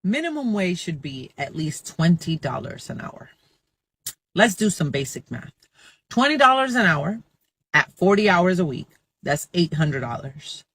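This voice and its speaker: A man's voice: high-pitched, big pitch swings, unhurried, pushed and bright, husky. A man explaining wage arithmetic step by step in a matter-of-fact way. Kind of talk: explanatory talk to camera.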